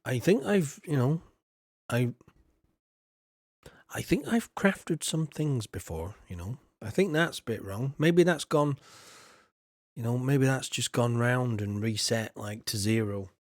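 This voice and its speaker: A man rambling through casual live-stream commentary on a game, chatty and often clearing his throat. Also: mid-range voice, lively intonation, unhurried, long pauses, dry recording, clean studio sound.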